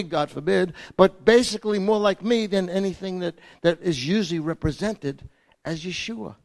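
A man delivering a sermon, his voice sitting a little high. He preaches dramatically, punching some lines out loudly and then dropping to a near hush. The talk is unscripted and earnest, with restarts as he goes. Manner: dramatic, swinging from loud emphasis to hushed softness. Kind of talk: sermon with slides.

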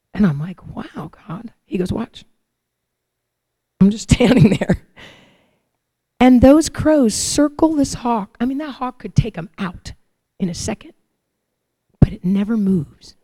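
Woman preacher, warm mellow voice, dry close sound, acts out little scenes as she talks. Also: fairly high pitch, unhurried, long pauses, no echo. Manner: animated storytelling, acts out her own prayers and God's replies. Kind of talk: sermon.

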